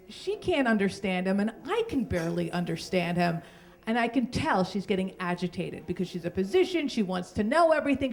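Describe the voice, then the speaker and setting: A middle-aged woman telling a personal story on stage at a live story slam, chatty and self-deprecating, laughing through her lines. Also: medium pitch.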